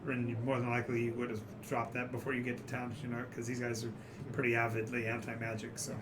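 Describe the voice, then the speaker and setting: A man's voice: mid-range voice, completely flat delivery, fast. Brief: male game master, casual narration with lots of ums and restarts, mid-range voice, noisy recording. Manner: rambling descriptions with many fillers.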